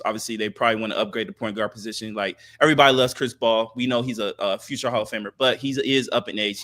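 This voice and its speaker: A man co-hosting a podcast, giving thoughtful casual sports talk with many filler pauses. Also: mid-range voice, sharp tone. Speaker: podcast co-host.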